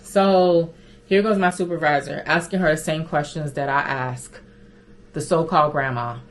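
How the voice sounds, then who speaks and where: A Haitian woman, a remote-work recruiter and vlogger, tells her viewers a story in a low-pitched voice at normal speed. She's animated, amused, and chatty, tossing in frequent asides like "right, y'all?"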